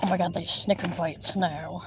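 A woman with a fairly low voice and fairly even intonation vlogs while shopping in a busy store, chatting casually at a normal pace. She rambles and giggles to herself over noisy store background.

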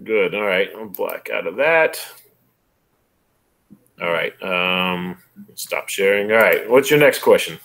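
A man with a slightly low voice leads a relaxed exam review over a video call. He walks through each step and keeps checking that the listener follows. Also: slow pace, pauses often. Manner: conversational, explains step by step with frequent "right?" checks. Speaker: college biology instructor. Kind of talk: casual online exam review.

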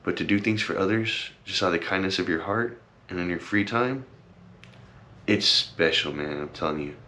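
A man's voice: sits low, normal speed, pushed and bright. A young man talking casually to his camera, rambling and earnest, with many fillers and repeated thanks, and teary at times. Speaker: vlogger. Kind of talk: casual heartfelt vlog talk.

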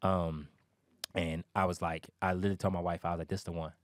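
A man telling a story as a guest on a talk show, speaking at a rapid clip. He is animated and acts out what other people said. His voice sounds dry and close, with no room around it. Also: deep voice, dry recording.

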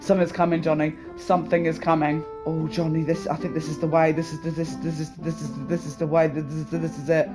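A woman gaming with a friend, excitable, swearing and shrieking with laughter. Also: low voice, fast, hardly any pauses, low-quality recording. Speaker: gamer streamer. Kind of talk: casual co-op gameplay chat. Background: game music.

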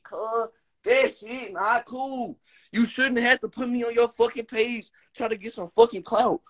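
High-voiced young man ranting on a live stream. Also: fairly bright tone. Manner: heated, profane, slangy trash talk. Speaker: rapper.

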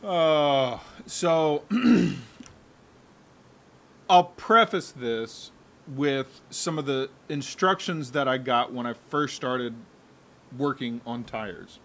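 Speaking very slowly at a medium pitch, a man co-hosting a podcast tells stories in casual chat. He's an animated storyteller who often breaks into laughter.

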